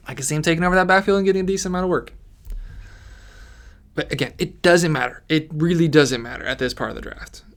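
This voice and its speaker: A man giving casual, rambling commentary on his fantasy football mock draft, ranting with frequent restarts. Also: high-pitched.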